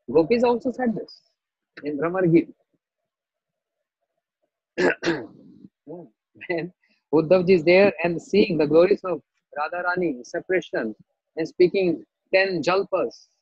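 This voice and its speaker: A man's voice: a little high, breathy edge, dry recording, muffled recording. A man giving a scripture lecture, telling a story, repeating key phrases and checking that listeners understand. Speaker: spiritual teacher.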